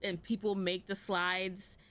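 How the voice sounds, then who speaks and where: A woman hosting an online comedy panel in casual chat, talking fast and loose with lots of fillers and laughs. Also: mid-range voice, little pitch movement, a bit bright, no echo. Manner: chatty, laughs often, many "like" fillers. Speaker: panel host.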